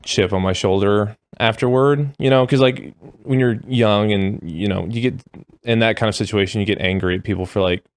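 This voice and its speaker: A young adult man as a podcast guest, talking in a deadpan way with dry humor. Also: fairly low pitch, moderate pace, dry recording. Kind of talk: casual podcast interview.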